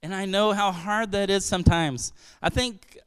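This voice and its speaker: A man from Brazil preaching to his congregation in a high, very clear voice. He talks earnestly and conversationally, restarting phrases and tossing out rhetorical questions. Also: normal speed. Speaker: pastor. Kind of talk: sermon.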